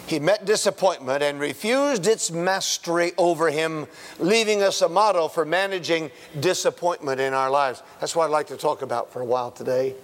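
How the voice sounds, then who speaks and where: High-pitched guy preaching, chatty asides, lots of questions to the crowd, big echoey church. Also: slight background noise. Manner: conversational, folksy asides with rhetorical questions. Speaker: pastor. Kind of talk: sermon.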